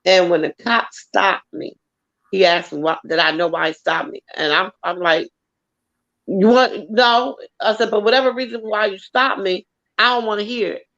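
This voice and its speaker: A woman telling a long story in casual chat, animated and swearing freely. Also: mid-range voice, moderate pace. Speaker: co-host. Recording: dull lo-fi audio.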